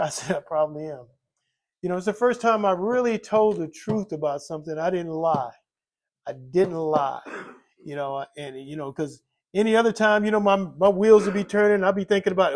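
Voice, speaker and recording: Gravelly older man, rambling confession. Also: high-pitched, brisk, a little mellow. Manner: rambling, repeats phrases, many "you know" fillers. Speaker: recovering alcoholic telling his story. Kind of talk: candid personal testimony.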